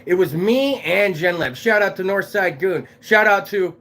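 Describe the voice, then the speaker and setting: A man hosting a casual livestream, talking in a loud, shouting way and swearing freely. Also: high voice, normal speed, a little hiss or hum. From Fresno, California. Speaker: live show host.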